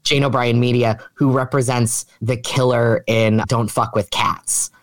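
A podcast co-host in casual chat, enthusiastic, with quick asides. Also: mid-range voice, fairly even intonation, dry recording.

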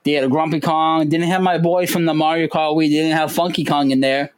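Animated man chatting about games. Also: fairly quick, poor audio. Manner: animated, jumps into high voices when quoting. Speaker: podcast co-host. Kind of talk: casual chat.

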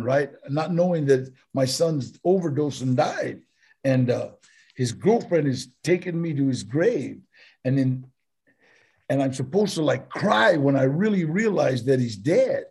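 An older man appears as a guest actor in a casual interview, telling stories in a rambling way and laughing, his speech full of "you know" and "man." His voice is mid-range, creaky, husky and darkish in tone.

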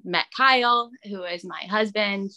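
A young woman in casual chat, telling stories in an animated way, laughing often and acting out what others said. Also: medium pitch, measured pace. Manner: animated storyteller, laughs often, acts out quoted voices. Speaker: guest.

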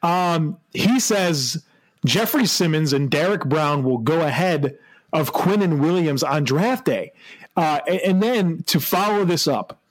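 Animated, laughing podcast co-host man. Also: on the high side, measured pace. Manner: animated, laughs often, hesitant restarts. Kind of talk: casual sports podcast chat.

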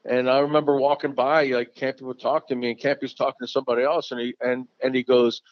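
A man's voice: mid-range voice, flat delivery, quick pace, no echo, highs cut off. A man telling stories in an easygoing, casual way, repeating phrases as he goes. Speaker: former catcher, interview guest. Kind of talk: casual storytelling.

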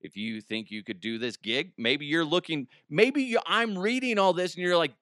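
A man's voice: on the high side, moderate pace, few pauses, a bit bright, dry recording, clean studio sound. Crude rambling man riffing. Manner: crude, rambling, laughs often. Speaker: podcast host. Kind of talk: comedic monologue.

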